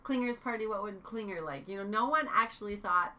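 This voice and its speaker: A woman's voice: mid-range voice, a little fast, sharp tone, slight background noise. A woman co-hosting a casual podcast chat, chatty and giggly, adding trivia. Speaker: podcast co-host. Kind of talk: casual chat reviewing a TV episode.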